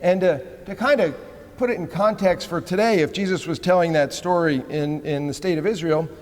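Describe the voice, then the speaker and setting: A man, a priest, delivering a sermon in a conversational, humorous storytelling way with frequent "right?" asides to the congregation. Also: high voice. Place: church sanctuary. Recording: long church reverb.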